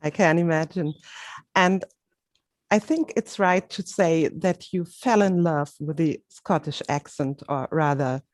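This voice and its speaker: Moderator, woman, lowish voice, unhurried delivery, dry recording. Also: dry recording. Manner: slow, laughs often. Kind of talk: live event interview.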